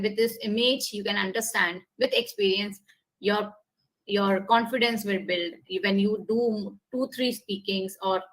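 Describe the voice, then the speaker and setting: A woman's voice: mid-range voice, bright, forceful tone, poor audio. A woman with an Indian English accent giving a public speaking webinar over a video call, explaining things step by step and leading breathing exercises. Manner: instructive, repetitive, leads breathing exercises. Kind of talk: online workshop talk.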